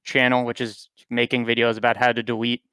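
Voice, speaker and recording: Flat-voiced man with a smooth, dry sound. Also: medium pitch, a little fast, no room sound. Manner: friendly, rambling, with filler words. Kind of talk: casual chat.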